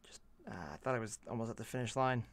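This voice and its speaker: A man hosting a miniature painting channel chats casually to himself while he paints, muttering asides and little self-deprecating jokes. His voice is fairly low and a bit bright, with lively intonation and a quick pace.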